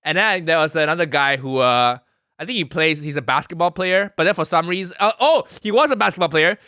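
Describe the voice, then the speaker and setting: A man chatting casually as a podcast co-host, with dry teasing and deadpan asides. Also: fairly high pitch, a little fast, no room sound. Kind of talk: casual chat.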